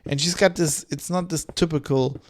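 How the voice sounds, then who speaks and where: A man's voice: on the high side, fairly even intonation, normal speed. A man streaming a game, rambling in loose, casual chat full of swearing and fillers. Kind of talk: casual chat while gaming.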